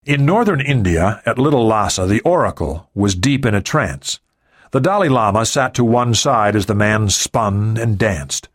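A man reading a thriller audiobook in steady scripted narration. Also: on the low side, normal speed, dry recording, studio quality.

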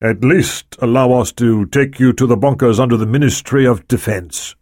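A man's voice: medium pitch, normal speed, a little mellow, dry recording, studio quality, lightly acted. A man voicing a pleading male intelligence chief in an audiobook. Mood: urgent. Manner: urgent, pleading.

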